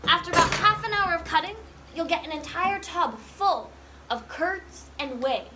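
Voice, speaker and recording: A woman's voice: extremely high pitch, moderate pace, bright, forceful tone, slight background noise. A woman leading a guided tour on a cheese farm, chatty and quizzing her group with questions. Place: working cheese farm dairy.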